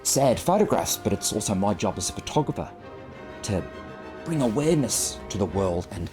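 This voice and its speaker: A man's voice: lowish voice, sing-song, moderate pace, music in the background. A man in his fifties, a photographer, tells a personal story in an earnest, reflective and self-deprecating way, speaking into a clip-on microphone.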